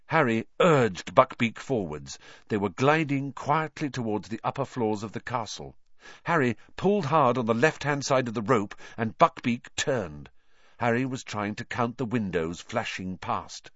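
A man's voice: mid-range voice, animated, unhurried, a bit bright, dry recording, lo-fi sound. A man narrating an audiobook, reading expressively and voicing the characters.

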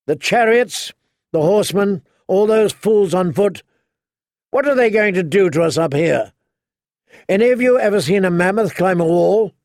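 A man playing a young male sentry on a wall who bellows to rally his brothers, his gravelly voice pushed high and loud. He shouts each line with defiant force. The audiobook recording is dry and close. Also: lively intonation, normal speed, no echo. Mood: rousing, defiant.

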